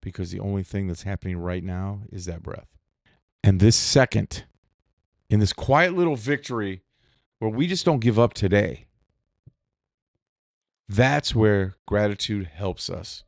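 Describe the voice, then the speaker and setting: A man's voice: lowish voice, unhurried, gravelly, pauses often, no room sound, clean studio sound. A man hosting a solo podcast, talking in a candid, profane, rambling way with restarts. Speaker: podcast host. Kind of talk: solo reflective podcast monologue.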